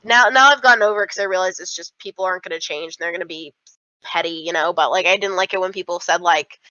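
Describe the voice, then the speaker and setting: A woman's voice: lowish voice, fast talker, no echo, highs cut off. A young woman co-hosting a casual chat, telling a story with lots of "like" fillers and swearing. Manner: fillers, swearing, animated retelling. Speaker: podcast co-host.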